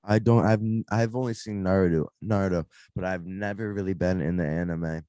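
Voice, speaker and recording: A young man with a low, warm voice. He talks bluntly in casual radio banter, swearing freely. The sound is dry, close and without room echo. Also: steady tone, brisk. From Massachusetts, near Boston. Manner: blunt, swears freely, says "bro" and "dude". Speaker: podcast co-host. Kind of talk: casual profane chat.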